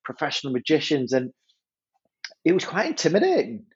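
A head teacher, telling a story in a podcast interview, animated and stumbling over repeated words. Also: male voice, a little high, fairly quick, husky, muffled recording.

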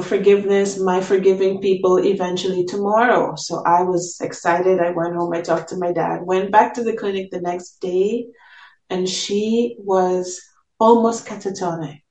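A woman's voice: mid-range voice, steady tone, a little slow, a little mellow. Earnest woman telling a testimony. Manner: earnest, acts out quoted dialogue. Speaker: podcast guest. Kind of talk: personal testimony storytelling. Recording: roomy echo.

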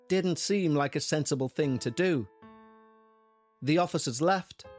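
Male narrator with a high voice, soft music beneath. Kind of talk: scripted horror narration.

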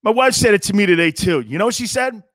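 Brash high-voiced male sports host. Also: fast talker, no room sound, studio quality. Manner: brash, mocking, animated, puts on jeering voices. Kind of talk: opinionated sports talk monologue.

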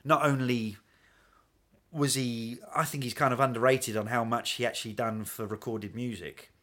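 A man, a guest in a casual chat, telling stories in an animated, chatty way and laughing often. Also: medium pitch, moderate pace. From England.

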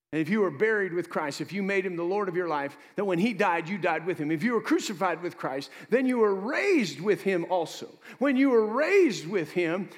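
A pastor preaches in a high, lively voice that rises and falls. His sermon rings out with a long reverb through a church hall. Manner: lively preaching with asides to the congregation.

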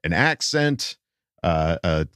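A man's voice: low-pitched, slow, clean tone, no echo, clean studio sound. A man co-hosting a podcast, joking and laughing often in casual chat. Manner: jokey, laughs often, lively delivery. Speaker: podcast co-host and voice actor.

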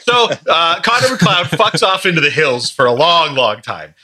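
A man with a very bright, forward voice and a slightly high pitch hosts a casual podcast chat. He retells a film with sarcastic asides and plenty of swearing, his pitch swinging widely from line to line. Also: moderate pace. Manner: lively, wry, swearing freely. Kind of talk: casual chat recapping a movie.

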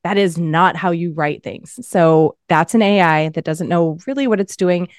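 A woman's voice: lowish voice, moderate pace, dry recording, clean studio sound. A woman co-hosting a casual chat podcast, talking bluntly and with a lot of swearing, acting out mocking quotes. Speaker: podcast co-host.

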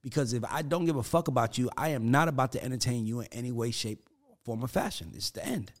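A man's voice: mid-range voice, fast talker. A man in casual podcast chat with a mid-range voice. He tells his stories with energy, acts out the quotes in other voices and swears freely. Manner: animated storyteller who acts out quotes, curses freely. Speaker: podcast guest.

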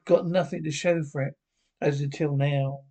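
A man's voice: on the high side, steady tone, normal speed, mellow. An actor playing a short, greedy, nervous male gofer who complains in a whiny, self-pitying way, in a TV horror anthology. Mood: bitter.

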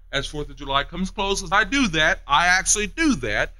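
A man preaching a sermon, emphatic and repetitive, moving between hushed and raised passages. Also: on the high side, lively intonation, normal speed, hardly any pauses, low-quality recording.

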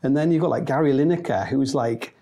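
A man's voice: medium pitch, brisk, creaky, warm tone. A man telling a rambling, sweary, self-mocking anecdote in a casual chat. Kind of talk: casual storytelling.

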